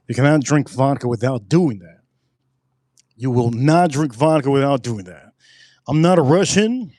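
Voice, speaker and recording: A man hosting a casual live tasting review, excitable and repeating himself for emphasis. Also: medium pitch, no echo, clean studio sound. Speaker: spirits reviewer host.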